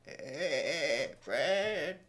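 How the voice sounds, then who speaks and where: A man doing a slow, high old man's voice. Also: expressive, a bit bright, full character voice. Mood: leering. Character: lecherous old man, famous mansion owner.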